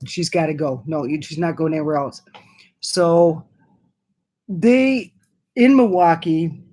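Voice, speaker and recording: A middle-aged woman from Wisconsin, telling a personal story to her channel in a chatty way with many fillers and restarts. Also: medium pitch. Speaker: vlogger.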